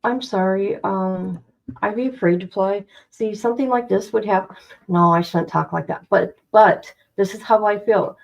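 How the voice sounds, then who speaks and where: A woman's voice: mid-range voice, normal speed, vocal fry, a little mellow, rough recording. A woman streaming casual commentary to her viewers, blunt and chatty, speaking straight to her audience. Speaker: streamer reacting to news.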